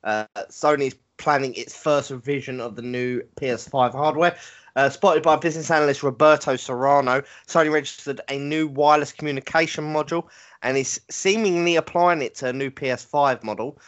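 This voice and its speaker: A man's voice: mid-range voice, brisk. Young man hosting a gaming podcast. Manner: relaxed, reads news with fillers. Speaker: podcast host. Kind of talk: casual gaming podcast chat. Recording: dull lo-fi podcast audio.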